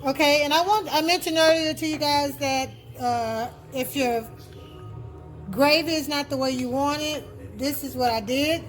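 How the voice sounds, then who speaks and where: High-voiced woman cooking at home. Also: fairly even intonation, measured pace, faint music behind, poor audio. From Texas. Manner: chatty, homey, repeats words while explaining. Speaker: cooking vlogger. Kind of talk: casual cooking demonstration. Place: home kitchen.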